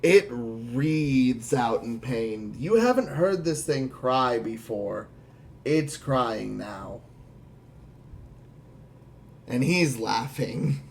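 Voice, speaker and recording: A man narrating a tabletop role-playing game as game master, quick and dramatic. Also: mid-range voice, lively intonation, creaky, slight background noise.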